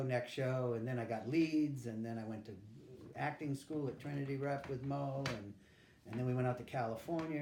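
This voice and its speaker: A man's voice: medium pitch, darkish tone, echoey room, a little hiss or hum. An older man, being interviewed about his life and telling it candidly, acting out what people said. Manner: candid storytelling, acts out quotes. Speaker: interviewee, veteran. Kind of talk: recounting his life story.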